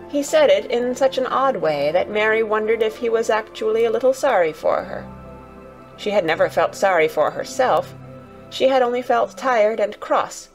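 A woman narrating a classic children's story as a gentle, steady bedtime reading. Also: medium pitch.

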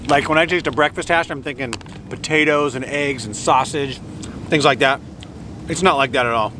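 Seated outside by the water with a hand-held camera, a man reviews food in a loose, rambling way full of joking asides. He speaks at normal speed in a medium pitch, while traffic and vehicles rumble in the background.

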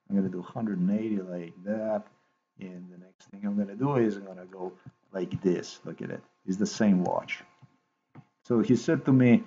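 Low-voiced man rambling in a profane monologue. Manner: repetitive, profane, excitable storytelling. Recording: dull lo-fi recording.

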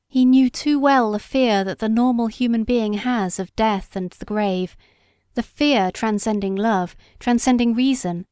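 Woman narrating an audiobook, measured. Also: on the high side, a little mellow, smooth, no echo, clean studio sound. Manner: measured, unhurried storytelling. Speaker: audiobook reader. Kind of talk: scripted narration.

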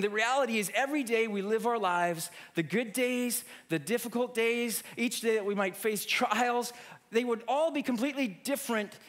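Male preacher, higher voice, lively storytelling sermon, restarts often. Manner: animated storyteller, many restarts.

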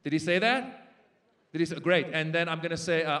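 A man in his forties doing a stand-up comedy set on a festival stage. He tells his stories with animated character voices for the punchlines. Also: on the high side, a little fast, long pauses. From Iranian-American. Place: large festival stage with live translation.

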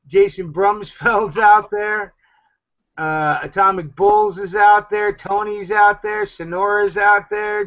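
A man with a fairly high voice chatting loosely on an internet talk show. He rambles and gives shout-outs to listeners. The sound is dull and lo-fi. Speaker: podcast host. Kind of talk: casual chat.

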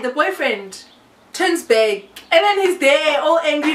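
Young South African woman, South African accent, animated storyteller, fairly high voice, echoey room, a bit off-mic. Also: measured pace, far from the mic. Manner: animated storytelling, mixing English with local languages. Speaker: YouTuber. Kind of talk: casual story time.

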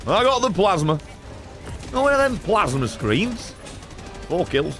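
A man in excitable gaming banter who swears freely and rants at his teammates. His voice sits high and swings wildly in pitch. Loud game music plays behind him. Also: measured pace. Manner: swearing, shouting, exasperated ranting. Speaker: streamer playing a co-op shooter.

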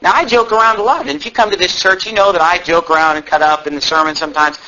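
A man preaching a sermon to his church, swinging from low asides to loud, fervent calls. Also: fairly even intonation, quick pace. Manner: shouts and climbs high when fervent, mocking asides. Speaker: pastor. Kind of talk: fiery sermon. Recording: dull low-fidelity church recording, faint hiss.

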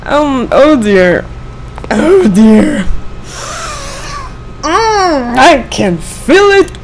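A woman's voice: sits high, sing-song, drawn-out words, noisy background. A young woman playing a horror game, panicking, screaming and giggling nervously as she talks. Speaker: gamer. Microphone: desk microphone.

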